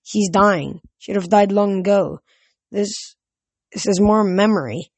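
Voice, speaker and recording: A woman reading a quiet, somber teenage boy. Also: medium pitch, a little slow, dry recording.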